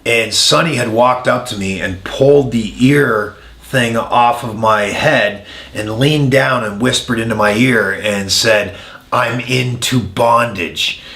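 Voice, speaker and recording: Male interview guest, lowish bright voice, frank storyteller, echoey room. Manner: frank, many "uh" pauses, animated when telling anecdotes. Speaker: former wrestler, interview guest.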